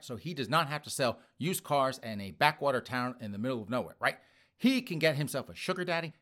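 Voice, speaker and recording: A man's voice: mid-range voice, fairly bright tone. A man hosting a commentary podcast who mocks his targets and often chuckles while talking to his listeners. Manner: mocking, chuckles often, addresses listeners as folks. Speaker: podcast host.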